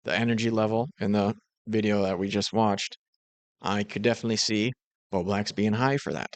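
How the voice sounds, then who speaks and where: A man's voice: on the low side, steady tone, a little fast, no echo. A man giving dry, critical and sarcastic commentary over reaction clips. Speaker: commentary host.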